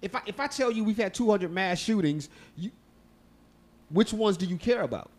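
A man's voice: high voice, lively intonation, normal speed. Loose, profane Texan man chatting. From Texas. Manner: loose, profane, laughing storyteller. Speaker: podcast co-host. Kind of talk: casual chat.

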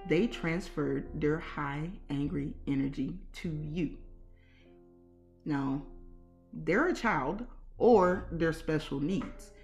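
Low-voiced woman podcasting, mellow, earnest, repeats stuff and slows down to make a point, soft guitar behind. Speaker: podcast host, parent caregiver. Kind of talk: casual advice talk.

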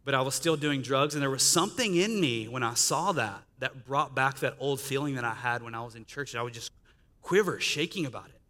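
A man's voice: mid-range voice, expressive, a little fast, sharp tone. A man telling his life testimony as a guest speaker, storytelling in a chatty way with quoted dialogue. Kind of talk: testimony sermon. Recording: reverberant church hall.

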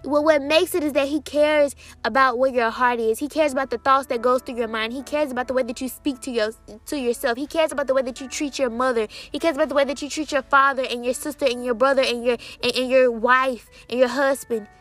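A young woman, casually sharing a Christian testimony in an excited, chatty way, with many fillers and quoted dialogue. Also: high voice, a little fast, hardly any pauses, faint music behind.

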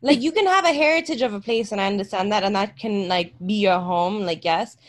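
A young woman from Malawi co-hosting a podcast, chatting casually, quick to agree and add her own points. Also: mid-range voice. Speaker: podcast co-host. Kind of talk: casual chat.

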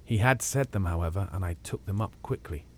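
A man narrating a classic ghost story as an audiobook, in a measured, quiet and grave way. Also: deep voice, expressive.

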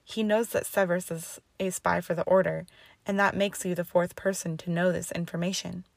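Woman reading as a steady, stern headmistress witch. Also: fairly low pitch, gravelly, no echo. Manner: calm, measured, sympathetic.

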